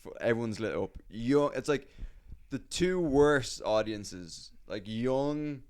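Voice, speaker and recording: A man's voice: mid-range voice, expressive, takes it slowly, darkish tone, clear, resonant tone. A man hosting a comedy podcast, telling a rambling story in casual chat, acting out quoted voices and swearing freely.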